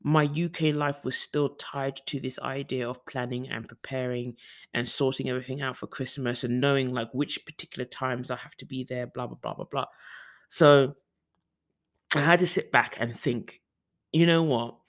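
A man's voice: mid-range voice, steady tone, normal speed, a bit bright. A young man from the UK talking casually in a personal vlog, rambling with frequent restarts and fillers. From United Kingdom. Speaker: vlogger.

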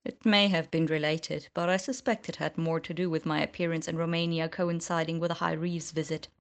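A woman's voice: sits low, steady tone, brisk. A woman reading the lines of a cool, sardonic young male wizard in an audiobook.

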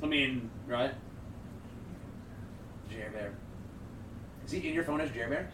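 A man's voice: medium pitch, takes it slowly. A man co-hosting a podcast, trading teasing banter with his co-host and laughing easily. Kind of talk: casual banter. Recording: echoey room, distant mic, faint hiss.

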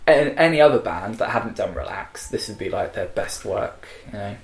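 A man's voice: on the low side, expressive, moderate pace, vocal fry. A man co-hosting a casual music chat, chatty and playful. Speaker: podcast co-host. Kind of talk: casual chat about pop charts.

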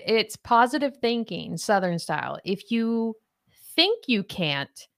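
Woman, podcast host, unhurried, giggly, chatty. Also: fairly high pitch, big pitch swings, vocal fry. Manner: giggly, chatty, laughs often. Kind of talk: casual chat, running a quiz.

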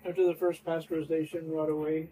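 A man's voice: a little high, flat delivery, quick pace, dark tone. A man co-hosting a podcast, chatting casually and playfully while cooking at home. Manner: rambling, playful. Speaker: podcast co-host. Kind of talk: casual kitchen chat. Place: home kitchen. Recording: distant mic, faint room noise.

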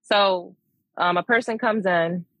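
A woman guest, a behavior analyst, explaining her work in a measured way on a podcast. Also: on the low side, a bit bright, dry recording. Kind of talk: casual interview chat.

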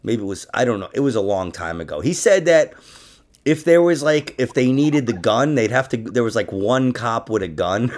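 Swearing freely and laughing often, a man hosts a podcast at a moderate pace in his medium-pitched voice. The talk is loose and casual, and sports get him excitable and fired up.

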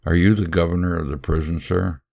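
A man's voice: low voice, fairly even intonation, a little fast, creaky, dark tone. A man voicing a poor, orphaned little girl who pleads earnestly through tears. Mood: pleading.

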